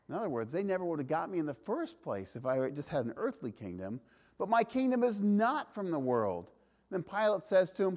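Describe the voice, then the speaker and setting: A pastor preaching a sermon, earnest and emphatic, slowing for weight and firing off rhetorical questions. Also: male voice, high-pitched, big pitch swings, a little mellow.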